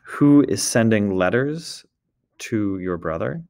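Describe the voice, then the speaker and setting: Male French teacher, low gravelly voice, patient step-by-step explaining. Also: expressive, slow, darkish tone. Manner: explains step by step, often checks with "d'accord?". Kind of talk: recorded lesson walkthrough.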